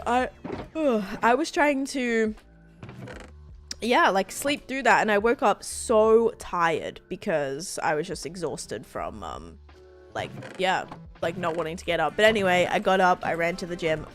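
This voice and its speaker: A woman live streaming a game, excitedly thanking viewers and rambling through stories with lots of fillers. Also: medium pitch, measured pace, faint music behind. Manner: rambling storytelling with many fillers. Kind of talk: casual live-stream chat while gaming.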